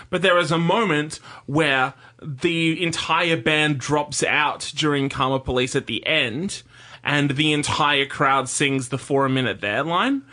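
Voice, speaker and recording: A man with a higher, very bright voice, reminiscing eagerly in a casual music chat. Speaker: podcast co-host.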